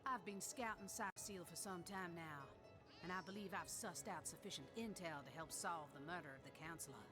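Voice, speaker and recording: Briskly and close to her everyday voice, a woman with a lowish register plays a boisterous retired woman warrior in a video game. The character's Southern American accent carries folksy, rousing talk full of old sayings, set against game music.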